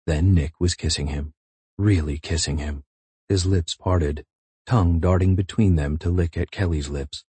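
An audiobook narrator reads a novel aloud in a measured, intimate style. His voice is very low, dark and husky, recorded dry and close with no room sound.

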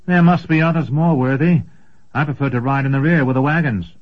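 A man's voice: a little fast, close to an everyday voice. A man voicing an earnest young apprentice sorcerer. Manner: hesitant, pleading, higher than the narration. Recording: dull lo-fi recording.

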